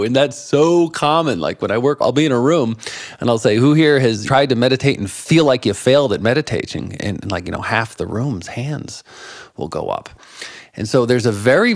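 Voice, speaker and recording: A man in his fifties, a guest in an interview, telling animated stories about meditation and laughing often. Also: medium pitch, dry recording, studio quality. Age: 50s. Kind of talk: conversational interview.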